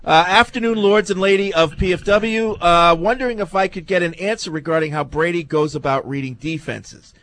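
A man's voice: sits high, brisk, few pauses, a bit bright. Dry, teasing male radio host. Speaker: host reading listener messages. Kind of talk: sports talk radio chat.

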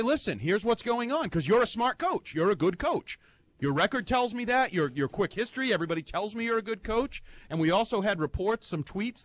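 A man's voice: high-pitched, no room sound. A man giving an emphatic, heated sports-talk rant as a football analyst, repeating his points for effect.

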